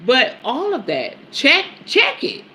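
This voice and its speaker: A woman's voice: takes it slowly, slight background noise. A woman hosting a spiritual talk show, speaking in a casual, emphatic teaching style with frequent swearing and laughter. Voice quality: lively, animated pitch swings. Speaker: podcast host and spiritual teacher. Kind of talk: casual spoken teaching monologue.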